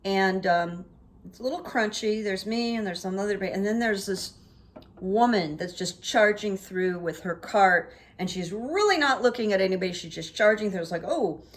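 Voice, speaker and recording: A woman's voice: medium pitch, moderate pace. A woman hosting her own vlog, telling everyday anecdotes in a chatty, casual way and acting out what people said. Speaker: vlog host. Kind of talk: casual storytelling monologue.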